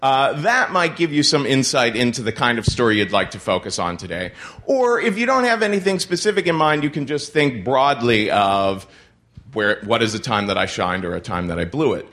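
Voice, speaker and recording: A man's voice: mid-range voice, animated, moderate pace, fairly bright tone. A man leading a workshop group, giving casual instructions with many fillers. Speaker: workshop facilitator.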